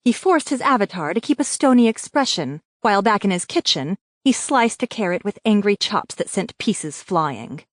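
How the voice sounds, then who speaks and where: A woman narrates a fantasy audiobook at an even, measured pace. Her voice sits at a middle pitch. The recording is close and dry, with no room sound. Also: no echo. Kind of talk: scripted narration.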